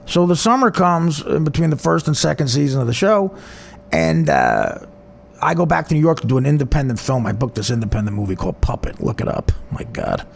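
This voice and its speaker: A man's voice: fairly high pitch, huge pitch swings, brisk, vocal fry. A man with a New Jersey accent, a comedian telling a personal story in a rambling, profane, self-mocking way.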